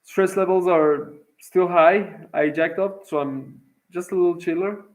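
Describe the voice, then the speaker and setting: Excitable, swearing young man telling a story. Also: high-pitched, a little slow, rough recording. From Iran. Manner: profane, excitable, rambling with fillers. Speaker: vlogger. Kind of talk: casual storytelling monologue.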